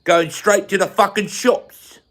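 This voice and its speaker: Man doing a brash London bloke, put-on London accent, raised pitch, swears freely. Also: fairly even intonation, measured pace, a bit bright. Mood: cocky. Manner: mocking, boastful, swears freely.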